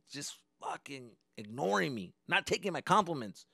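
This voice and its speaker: A young man hosting a podcast, telling a story in a casual, animated and profane way. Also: mid-range voice, fairly quick, creaky, no room sound, clean studio sound. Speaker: podcast host.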